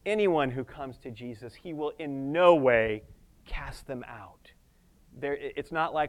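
A man preaching a sermon with passion, swinging between loud emphasis and hushed tones, with casual humorous asides. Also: medium pitch, measured pace.

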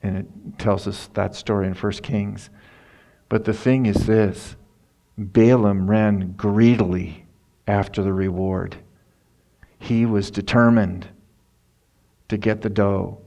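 A man's voice: fairly low pitch, fairly even intonation, slow, pauses often, dark tone. A middle-aged male preacher retelling a Bible story in a folksy, casual sermon.

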